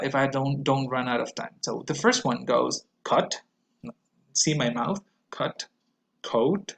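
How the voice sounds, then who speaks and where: A man teaching an English pronunciation lesson, explaining vowel sounds and modeling words slowly and clearly for students to repeat. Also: mid-range voice, fairly bright tone. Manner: slow, exaggerated word modeling.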